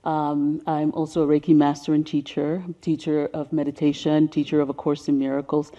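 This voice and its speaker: Older woman around seventy, low deep voice, mellow tone, soft seminar talk that drops to whispers, dull lo-fi recording. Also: flat delivery, moderate pace. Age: about 70. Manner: soft-spoken, sinking to a whisper on emotional points. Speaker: speaker on racial healing. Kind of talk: seminar presentation.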